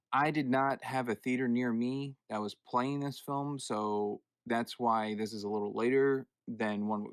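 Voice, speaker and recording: A man hosting a casual film podcast, passing the floor to each co-host and correcting himself as he talks. His voice sits at an ordinary middle pitch. The sound is dry and close. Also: no room sound. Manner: chatty, self-correcting, moderates turns. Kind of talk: casual chat.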